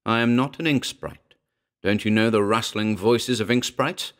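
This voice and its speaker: A man voicing a mocking, invisible male spirit with a shrill, metallic voice, in a horror audiobook reading. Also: moderate pace, fairly bright tone, lightly acted. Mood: derisive. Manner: derisive, taunting.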